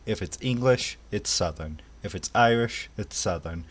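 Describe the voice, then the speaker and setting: A man playing a tabletop game online, chatting casually and rambling with quick jokes. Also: lowish voice. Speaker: tabletop player. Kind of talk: casual in-character game chat.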